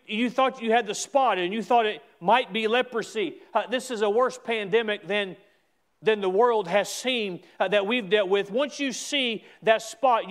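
A pastor preaches a sermon emphatically, with repeated restarts and stretches where he rises to a shout. He has a high voice.

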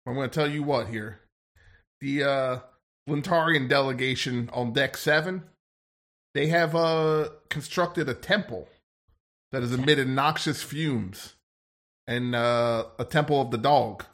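A man's voice: medium pitch, a little slow, a bit bright. A man playing a weapons officer in an improvised sci-fi role-play, narrating his fights with bravado and laughs.

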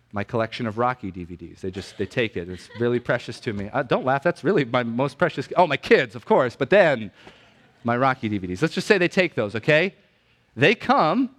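A male pastor gives a teaching sermon at a mid-range pitch. He talks to his listeners conversationally, tosses in quick checks like "okay?", and slows down to repeat key points for note-taking. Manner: conversational, asks the crowd "right?" and "okay?".

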